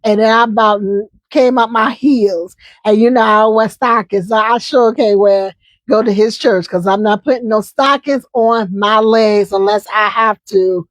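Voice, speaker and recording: A woman's voice: a little high, fairly even intonation, unhurried, dry recording. A woman hosting a casual live chat, talking in a chatty, emphatic way and often repeating herself. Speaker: host.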